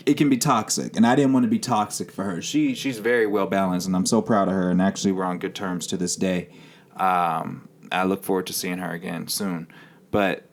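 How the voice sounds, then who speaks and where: In a lowish, slightly mellow voice, a man of thirty who hosts a podcast rambles through his own story. He speaks candidly and leans heavily on filler words.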